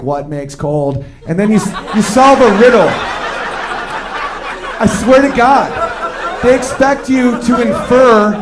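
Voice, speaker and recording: A man performing a stand-up comedy set, animated and acting out the people he quotes. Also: high-pitched. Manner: animated, acts out quoted voices. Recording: live show with crowd. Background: audience laughter.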